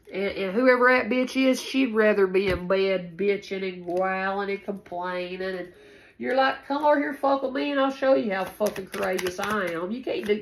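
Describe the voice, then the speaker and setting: A woman's voice: mid-range voice, low-quality recording. A woman giving a casual spoken tarot reading, rambling and repeating herself, with frequent swearing. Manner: rambling, repetitive and profane. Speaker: tarot reader.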